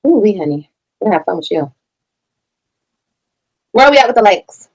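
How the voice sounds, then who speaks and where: A woman talks quickly through heated reaction commentary, blunt and emphatic. She swears freely and presses every point hard. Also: medium pitch, sing-song, a little mellow, slightly rough, low-quality recording. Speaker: reaction streamer.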